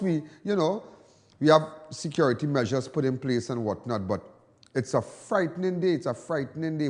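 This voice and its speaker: Emphatic Trinidadian TV host. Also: male voice, mid-range voice, a little mellow, big-room sound. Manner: emphatic, repetitive, defiant. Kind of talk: live TV talk.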